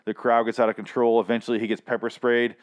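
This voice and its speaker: A man's voice: medium pitch, little pitch movement, quick pace, highs cut off. Rambling, profane man recapping a show. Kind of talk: casual TV recap monologue. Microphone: own microphone.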